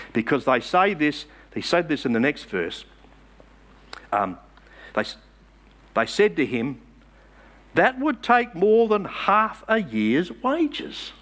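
A man's voice: medium pitch, fairly bright tone. A man preaching a sermon in church, emphatic and asking the congregation rhetorical questions.

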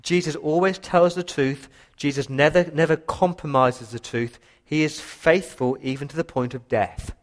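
A man preaching a sermon with passion, his voice rising for emphasis and dropping low for quiet points. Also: normal speed, hardly any pauses. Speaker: pastor.

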